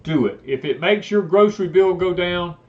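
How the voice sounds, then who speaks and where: A high-voiced Southern US man holds forth on a homesteading live stream. He swings his pitch around as he preaches, blunt and emphatic. The audio is dull and lo-fi. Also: expressive, normal speed. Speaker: homesteading channel host.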